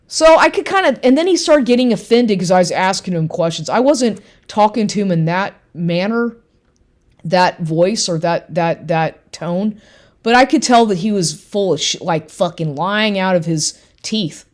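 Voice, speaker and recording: A woman's voice: mid-range voice, normal speed. A woman from Texas telling a story about a lying ex in a casual rant, acting out both sides of the conversation and swearing often. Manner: animated, quotes people, swears, repeats herself.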